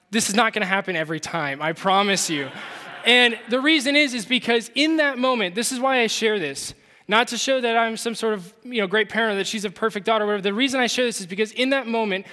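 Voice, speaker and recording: A man's voice: high voice, bright, forceful tone. A young adult man preaching a sermon as pastor, earnest and conversational, often asking "right?" and restarting his sentences. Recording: long hall reverb.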